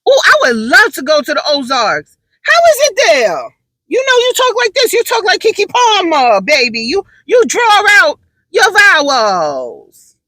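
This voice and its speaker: A woman voicing a loud, sassy, chatty woman coworker with drawn-out vowels and exclamatory greetings. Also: very high voice, wildly swooping pitch, no echo, voice pushed up, full character voice. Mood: exaggerated, bubbly.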